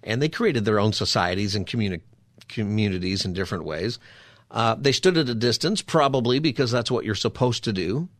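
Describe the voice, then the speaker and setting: In a clean studio recording with no room sound, a man with a lowish voice speaks briskly while hosting a show. His Bible teaching is conversational and easygoing, explaining scripture with frequent rhetorical "right?" and "you know?" asides aimed at the listener.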